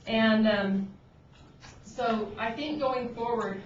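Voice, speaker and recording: A woman on an agriculture board speaks at a public meeting, earnest and pointed, restarting her sentences often. The room mic sits far from her, so her voice comes through roomy and dull, with steady background noise. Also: a little high, takes it slowly. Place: conference room at a government meeting.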